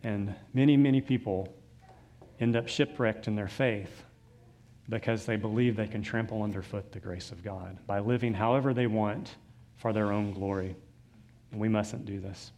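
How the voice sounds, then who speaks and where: A man's voice: on the low side, fairly even intonation, normal speed, a little mellow. A man preaching a sermon, reading scripture aloud and adding loose conversational asides. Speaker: pastor.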